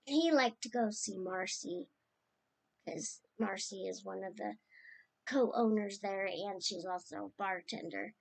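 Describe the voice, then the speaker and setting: A woman talks in an unhurried, meandering way, letting her stories drift as she reminisces about a loved one. Her voice sits at an ordinary middle pitch, and her tone is affectionate and informal. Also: gravelly. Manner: rambling and tender, drifting between stories. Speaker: niece sharing memories of her late uncle. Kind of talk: casual spoken remembrance.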